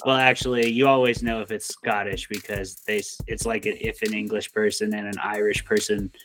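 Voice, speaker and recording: A man's voice: on the low side, flat delivery, normal speed, fairly bright tone, soft background music. A man co-hosting a casual podcast, joking and rambling with plenty of fillers. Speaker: podcast co-host.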